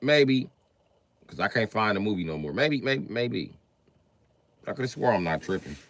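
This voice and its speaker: Male streamer; profane comedic riffing, lowish bright voice, very lively pitch. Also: a little fast, no echo. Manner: animated, profane, riffing with sudden jumps in pitch. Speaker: livestream host. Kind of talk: comedic livestream rant.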